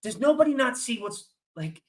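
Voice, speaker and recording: A man's voice: extremely high pitch, sing-song, moderate pace, a little mellow. A man recording a reaction commentary video, ranting heatedly and angrily at the clips he plays. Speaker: political commentator.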